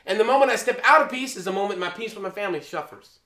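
Bright-voiced preacher in an echoey room. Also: male voice, high-pitched, expressive, quick pace. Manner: emphatic, swings between loud and quiet. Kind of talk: sermon.

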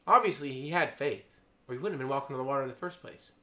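A man preaching an informal sermon, excitable, laughing, then dropping to a hushed, awed tone. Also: medium pitch, fast talker.

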